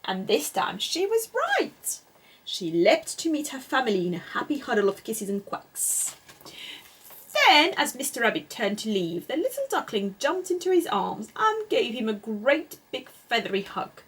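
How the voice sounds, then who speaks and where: Slow, breathy woman reading a storybook. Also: on the high side. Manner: slow, expressive, sing-song. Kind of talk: reading a children's picture book aloud.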